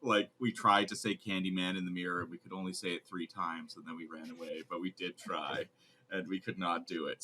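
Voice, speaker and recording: A man's voice: medium pitch, sharp tone. A man co-hosting a casual podcast, laughing often and swearing freely as he chats. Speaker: podcast co-host.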